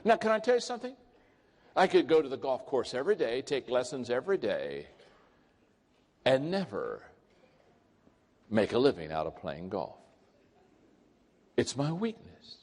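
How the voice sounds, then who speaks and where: A man giving a humorous motivational talk, telling jokes and acting out quotes in a higher voice. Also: big pitch swings, a little slow, long pauses, a little mellow. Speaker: speaker. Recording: long hall reverb.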